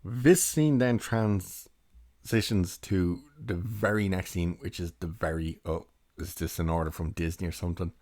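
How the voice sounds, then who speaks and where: A man's voice: low voice, a little slow, a little mellow, no echo, studio quality. A young man giving a rambling, chatty film review and laughing now and then as he recounts scenes. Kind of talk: casual spoken film review.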